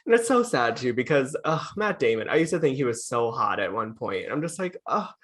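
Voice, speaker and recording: A man co-hosting a podcast in casual chat, animated and gossipy, leaning on "like" a lot. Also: medium pitch, fairly quick. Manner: animated, gossipy, heavy use of "like". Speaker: podcast co-host.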